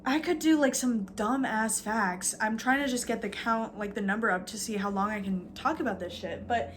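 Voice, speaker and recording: A woman's voice: a little high, moderate pace, a little hiss or hum. A woman vlogging a casual, rambling rant, sarcastic and full of fillers, swearing now and then.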